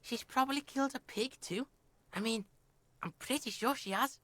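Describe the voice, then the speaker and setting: A scrappy, cursing street boy in a video game, swaggering and crude. He talks about himself in the third person with a brash, pushy bravado. His voice sits a little high, recorded close and dry. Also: moderate pace, fairly bright tone, dry recording. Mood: menacing.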